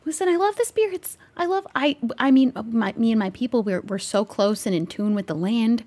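A woman's voice: on the high side, lively intonation, fairly quick, a little mellow. A young woman role-playing in a game, nervous and jokey, rambling and stammering. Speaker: Minecraft roleplay streamer. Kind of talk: in-character game roleplay chat.

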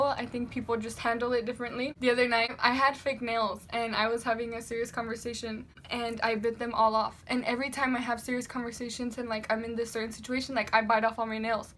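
Loud, bright-voiced chatty young woman. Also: a little high, slight background noise. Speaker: vlogger. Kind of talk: casual Q&A vlog.

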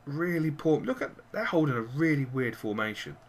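Live football video game commentary comes from a gaming-channel host whose voice is a little high and whose speed is normal. He's excitable, shouting both encouragement and curses at his players.

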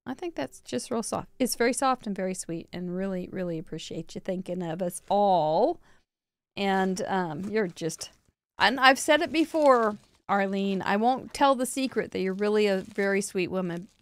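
A woman's voice: medium pitch, expressive, moderate pace, no room sound. Woman, craft show host, chatty, laughs often, tired from a long day, dry close sound. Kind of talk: casual chat, opening mail on a livestream.

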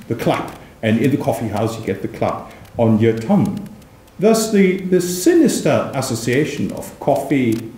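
Male professor, unhurried academic lecture, lively intonation, dark voice, roomy room sound. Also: mid-range voice. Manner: measured, reads period verse aloud with emphasis. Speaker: visiting professor giving a lecture.

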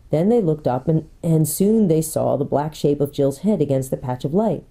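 Lady pastor reading a kids book out loud, deep mellow voice, lots of ups and downs. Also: moderate pace, few pauses. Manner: expressive storytelling. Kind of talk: reading a children's book aloud.

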